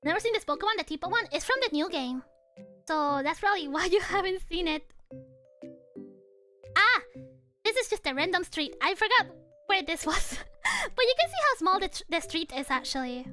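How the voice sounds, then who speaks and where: A young woman streaming casually over her travel photos, animated and giggly, with casual swearing. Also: extremely high pitch, moderate pace, soft background music. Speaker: VTuber streamer.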